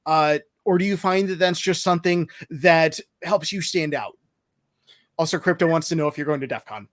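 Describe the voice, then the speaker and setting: A man's voice: on the high side, moderate pace, a bit bright. A man with a Midwestern accent hosting a casual live-stream chat, joking and sarcastic, often laughing.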